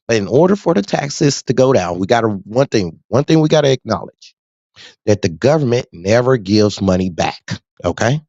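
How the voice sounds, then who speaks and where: Brief: trucker man, slangy casual rant, lively voice, dull dry recording. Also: mid-range voice, normal speed, vocal fry, dry recording. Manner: animated, street slang, frequent laughs. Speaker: truck driver.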